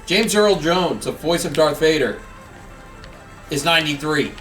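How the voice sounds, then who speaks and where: Ranting gaming host, a bit off-mic. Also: male voice, a little high, lively intonation, a little slow, a bit bright, recorded from a distance. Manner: emphatic, ranting, jokey. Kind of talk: casual gameplay commentary. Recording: off-mic with faint game music.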